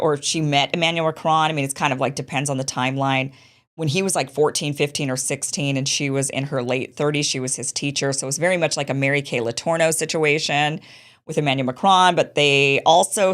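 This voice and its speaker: A woman hosting a show, giving casual political commentary in a chatty, dismissive way and repeating her points. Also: low-pitched. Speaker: show host.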